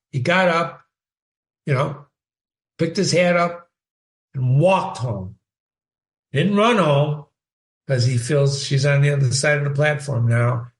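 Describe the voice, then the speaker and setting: A man giving a casual spoken analysis of a short story, teaching by asking rhetorical questions. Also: fairly high pitch. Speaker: literature teacher.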